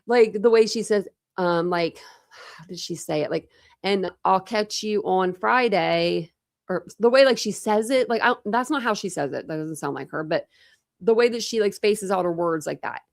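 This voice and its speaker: A woman's voice: medium pitch, lively intonation, normal speed, gravelly, no echo, clean studio sound. A woman hosting a casual true crime livestream, rambling chattily with lots of fillers and restarts.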